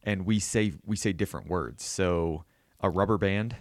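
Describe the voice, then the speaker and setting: A man's voice: sits low, normal speed, no echo, clean studio sound. A man with a southwestern Pennsylvania accent, hosting a podcast interview in a loose, chatty way with many fillers. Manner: loose, filler-heavy questioning. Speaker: podcast host. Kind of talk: conversational interview.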